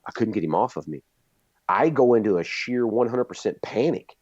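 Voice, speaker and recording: A man's voice: lowish voice, lively intonation, brisk, a little mellow, husky, no room sound. A middle-aged man, a guest martial arts instructor, telling a vivid story and acting out his own reactions. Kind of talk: animated storytelling. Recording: dull, lo-fi dry sound.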